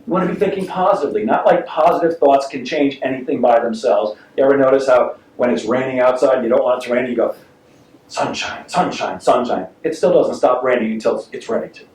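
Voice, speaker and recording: A man's voice: mid-range voice, fast talker, few pauses. A man giving a live sales seminar to an audience, joking and acting out little scenes in his stories. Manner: animated, joking, acts out voices in stories. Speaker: sales trainer giving a talk. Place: meeting room with audience. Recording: roomy, distant mic with faint noise.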